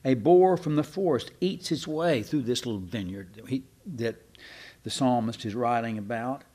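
Slow and emphatic, a man with a medium-pitched, dark voice preaches a sermon. He poses rhetorical questions and sometimes restarts partway through a phrase.

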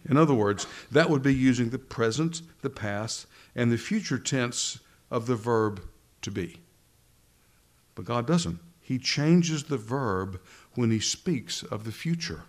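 A man's voice: mid-range voice, lively intonation. Male preacher, expository sermon, leans hard on key phrases. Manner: expository preaching with rising emphasis and slow stressed phrases. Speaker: pastor.

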